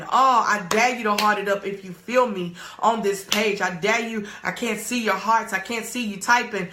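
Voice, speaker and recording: A woman's voice: a little high, moderate pace, few pauses, bright, forceful tone, reverberant. A woman, a life coach on a live stream, emphatically urging her viewers to type and react. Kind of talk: live-streamed motivational talk.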